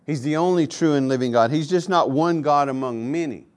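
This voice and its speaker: Male pastor mid-sermon in a church, emphatic, repeats key phrases, dynamic from soft to loud. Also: a little high, brisk.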